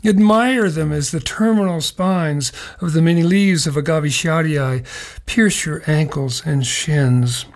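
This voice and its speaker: A man's voice: fairly high pitch, unhurried. Middle-aged guy rambling folksy about nature, chuckles here and there. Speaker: radio show host. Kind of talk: casual spoken nature segment.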